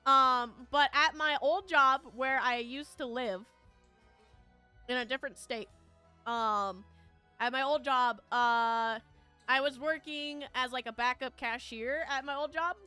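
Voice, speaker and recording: A chatty woman streamer with a high voice tells a rambling story to her viewers, laughing often and filling gaps with ums and likes. Her tone is bright and sharp, and soft music plays in the background. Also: steady tone, a little slow, smooth. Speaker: VTuber streamer. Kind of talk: casual chat with viewers, storytelling.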